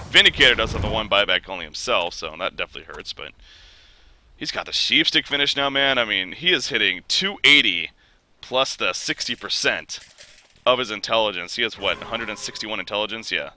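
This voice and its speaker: A young man casting an esports match, his voice worn hoarse from being under the weather, climbing into shouts when fights break out. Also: on the low side, animated, a little fast. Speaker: esports caster. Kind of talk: play-by-play esports commentary.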